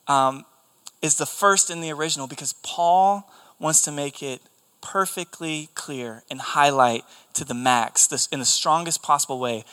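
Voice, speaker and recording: A man's voice: on the high side, sharp tone, clear, resonant tone. A man preaching a sermon, earnest and emphatic, repeating his key phrases for weight.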